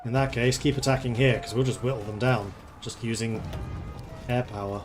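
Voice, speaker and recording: A man's voice: mid-range voice, fairly even intonation, moderate pace. A man streaming a strategy game, thinking aloud in a chatty, playful way as he plays. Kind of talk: casual gameplay commentary.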